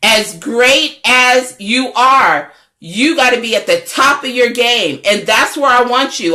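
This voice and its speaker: A woman's voice: on the high side, expressive, slow, sharp tone. A middle-aged woman, a network founder and coach, giving a fervent, preachy livestream pep talk that repeats its phrases. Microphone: phone or webcam livestream.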